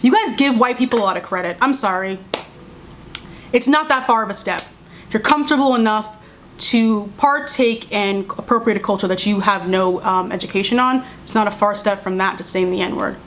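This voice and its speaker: A woman's voice: mid-range voice, normal speed, slight background noise. A young woman giving a sarcastic, exasperated casual commentary rant as a video creator, talking to the camera at home. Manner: exasperated, sarcastic, animated, with mocking voices and laughs.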